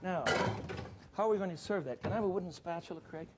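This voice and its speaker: A man's voice: high voice, quick pace, heavy background noise. A man hosting a cooking show, demonstrating a dish in a studio kitchen in a chatty, enthusiastic way with jokey asides.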